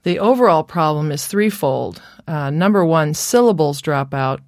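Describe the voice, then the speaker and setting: A woman's voice: sits low, expressive, darkish tone, dry recording, studio quality. A woman lecturing on speech therapy in a careful, scripted instructional narration. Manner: slow, careful, demonstrates sounds.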